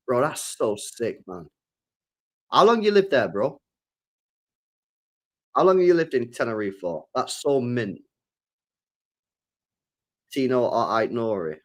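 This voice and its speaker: A young man talks loosely into a headset on a live stream. He is slangy and unhurried, repeats himself, swears freely and answers chat questions as they come in. His voice sits at an ordinary middle pitch. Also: sing-song.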